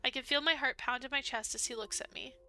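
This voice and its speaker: Bright, high-voiced young woman streamer. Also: fast. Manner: expressive, giggly, emotional reactions. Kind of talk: let's play with read-aloud narration.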